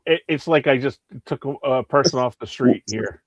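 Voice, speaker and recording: A man in his fifties from the area, chatting casually about films in a rambling, animated way with many restarts. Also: medium pitch, moderate pace, dry recording. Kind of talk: casual film chat. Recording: dull lo-fi stream audio.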